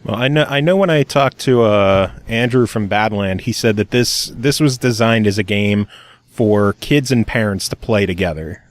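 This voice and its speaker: A man's voice: fairly low pitch, moderate pace. A man co-hosting a podcast, chatting casually and teasing his partner with sarcastic jabs. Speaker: podcast co-host. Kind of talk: casual chat.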